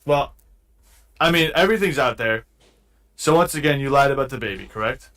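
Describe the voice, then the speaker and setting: A man's voice: medium pitch, expressive, brisk, a bit bright. A man interviewing someone online in blunt, casual, slangy talk.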